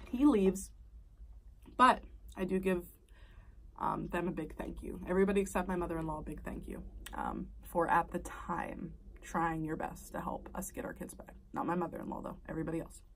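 A woman's voice: lowish voice, normal speed, creaky, fairly bright tone, distant mic, slight background noise, poor audio. A young adult woman telling a personal story casually while eating, blunt and profane, her voice shooting way up when she gets worked up.

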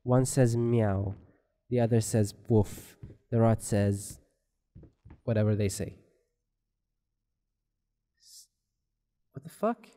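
A man's voice: fairly low pitch, fairly even intonation, takes it slowly, pauses often, dark tone. A man giving rambling, joking commentary while playing a horror game, swearing often. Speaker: gameplay commentator.

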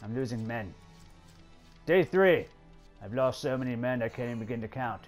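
A man's voice: mid-range voice, moderate pace, soft background music. A man commenting on his own strategy game play, exasperated and swearing, talking to the characters on screen. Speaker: gameplay commentator.

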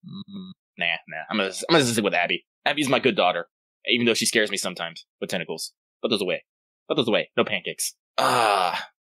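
Male podcast co-host, loose and profane, with a crisp, bright tone. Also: low voice, a little fast, no echo, low-quality recording. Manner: rambling, profane, self-interrupting. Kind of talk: casual chat.

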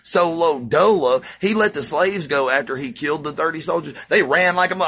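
A man delivering a profane, ranting monologue as a vlogger, swinging between loud preaching and hushed musing. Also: on the high side, brisk, husky.

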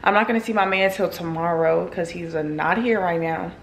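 A woman's voice: fairly low pitch, a little fast, roomy sound. A young woman chatting casually to her viewers in a home vlog, laid-back and talkative, filmed on a handheld camera indoors. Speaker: vlogger.

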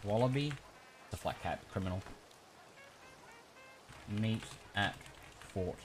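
A man's voice: fairly low pitch, lively intonation, takes it slowly, over music. A man streaming a game, chatting casually, swearing often and laughing a lot. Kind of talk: casual gaming stream chat.

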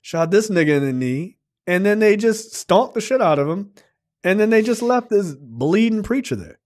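A man's voice: high voice, sing-song, moderate pace, a little mellow. A man casually retelling a film's plot on a review podcast, rambling and acting out the characters' lines. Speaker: film review podcast host. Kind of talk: casual movie recap with profanity.

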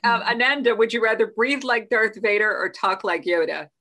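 A bubbly woman hosts a casual video call with a bright, forward tone. She laughs easily and keeps things playful, and her voice comes through a call microphone. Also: a little high, normal speed. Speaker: host.

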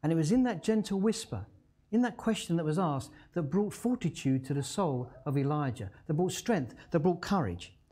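A male pastor preaching a sermon, telling a story dramatically and slowing to a hush on key words. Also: a little high, animated, slightly rough.

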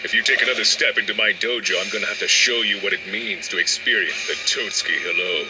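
A man's voice: on the low side, fast, close to an everyday voice, poor audio. A man voicing a flamboyant, muscular older chef mentor, smug and suggestive in a comedy fan dub. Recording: loud music underneath.

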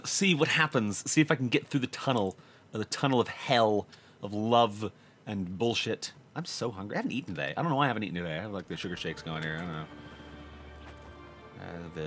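A man commentating his own gameplay, talking to himself, swearing often and swinging from low muttering to loud frustrated outbursts. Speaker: gaming channel host. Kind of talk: let's play commentary.

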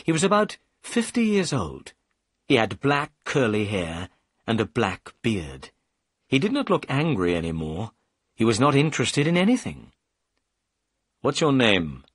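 A man reading a simplified audiobook story for learners in a clear, measured way. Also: medium pitch, huge pitch swings, no room sound, clean studio sound. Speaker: narrator. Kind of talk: scripted audiobook narration for learners.

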